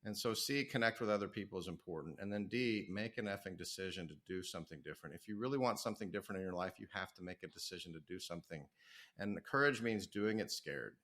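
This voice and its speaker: A middle-aged man speaking as a podcast guest, lively and full of stories. His voice sits low yet sounds bright and forceful, keeping the pace brisk as he coaches and pitches. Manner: energetic, storytelling, self-promoting. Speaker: author and business coach. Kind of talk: podcast interview.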